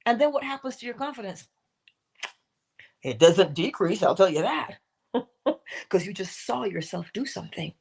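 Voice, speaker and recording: Animated woman giving a motivational talk. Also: mid-range voice, moderate pace, vocal fry, pauses often, husky. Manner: asks rhetorical questions and acts out quoted voices; drops to a whisper at times. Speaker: host of a morning inspiration stream.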